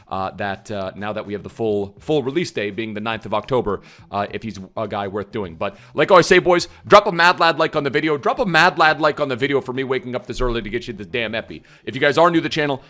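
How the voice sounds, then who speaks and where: A man's voice: medium pitch, a bit bright. A man casually reviewing a video game card for his channel, chatty and hyped, with lots of ums and uhs. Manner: chatty, hyped, filler-heavy. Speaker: gaming YouTuber.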